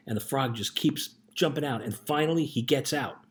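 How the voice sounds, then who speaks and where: A man's voice: mid-range voice, lively intonation, a little fast, few pauses. A middle-aged man, a youth life coach, telling a story in an earnest casual motivational talk and often checking in with "right?".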